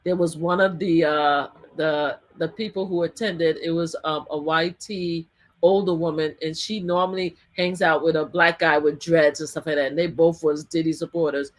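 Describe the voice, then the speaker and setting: In an animated interview, a woman guest who works as a survivor advocate tells a story, laughing often and acting out what people said. Her voice is low-pitched and her speed normal.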